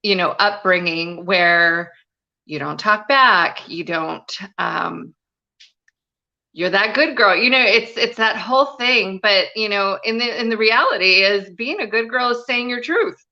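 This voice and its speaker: A woman's voice: mid-range voice, measured pace, sharp tone, muffled recording. A woman guest telling a personal story in a live interview, earnest and confiding, with many "you know" fillers. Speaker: guest, spiritual and business mentor.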